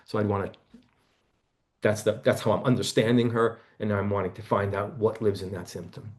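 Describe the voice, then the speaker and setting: A man teaching a seminar, gently guiding a volunteer through a body-focused therapy exercise over a video call, often dropping to a hush. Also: fairly low pitch, little pitch movement, brisk.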